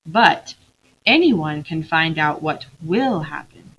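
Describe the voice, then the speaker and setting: A woman doing a wise, gentle lion. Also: sits low, expressive, dull audio, a little hiss or hum, full character voice. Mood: gentle, grave. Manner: slow, quiet, grave. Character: great wise male lion, calm and gentle.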